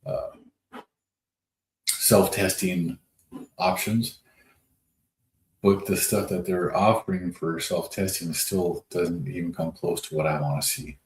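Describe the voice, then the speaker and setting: Low voiced guy rambling on a livestream, laid back folksy talk, echoey room. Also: fairly even intonation, takes it slowly, pauses often. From North Dakota. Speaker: livestream host. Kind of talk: casual livestream chat reading comments. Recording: echoey room with faint noise.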